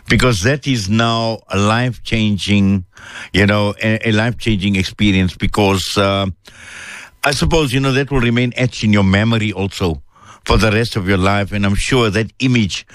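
Low-voiced male interviewer, dry sound. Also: dry recording. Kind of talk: interview questions.

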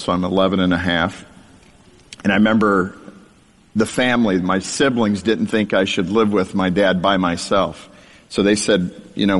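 A middle-aged man preaching a storytelling sermon, sharing his childhood with self-deprecating humor and frequent laughter. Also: on the low side. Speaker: speaker sharing a testimony. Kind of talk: storytelling sermon to a live audience. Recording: long hall reverb.

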